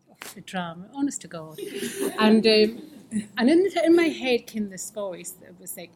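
Woman, husky tone, earnest first-person recovery share, drops to near-whispers. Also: fairly high pitch, animated, normal speed, a little mellow. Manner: candid and earnest, often dropping to a near-whisper. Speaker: fellowship member sharing her recovery story.

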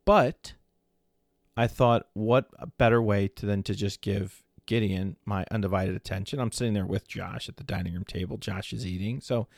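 A man's voice: fairly low pitch, normal speed, creaky, no room sound, studio quality. A man in his forties hosting a faith podcast, telling a family story in a conversational way, often checking in with "right?". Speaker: podcast host. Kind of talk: faith-based solo podcast talk.

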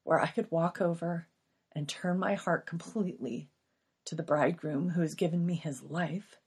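Breathy middle-aged woman, podcast host, earnest confessional faith testimony. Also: on the low side, fairly even intonation, normal speed, darkish tone.

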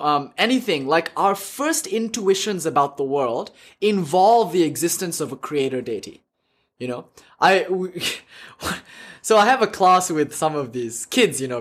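Male lecturer, slightly high voice, lively, laughs and self-corrects while teaching a class. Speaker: lecturer on religion.

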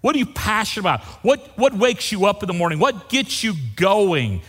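A man's voice: high-pitched, very animated, moderate pace, a bit bright, husky. An older man, a pastor preaching a folksy sermon and asking the congregation questions. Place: church sanctuary. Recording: long hall reverb.

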